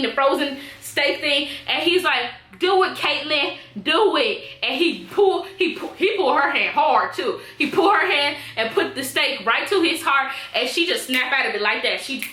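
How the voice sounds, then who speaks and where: A woman's voice: high-pitched, moderate pace, hardly any pauses, pushed and bright, echoey room. A woman recapping a TV episode in a casual vlog, chatty and acting out the characters' lines. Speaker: TV episode reviewer.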